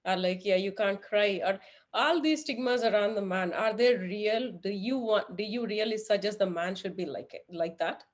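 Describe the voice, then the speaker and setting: A woman's voice: mid-range voice, normal speed. Earnest woman podcast host. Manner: earnest, searching questions. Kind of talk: interview conversation.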